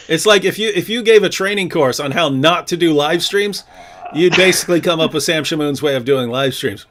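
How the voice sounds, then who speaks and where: A man's voice: on the high side, fairly bright tone, a little hiss or hum. A man co-hosting a live stream, chatting casually, telling stories and teasing. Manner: chatty, storytelling, quick to mock.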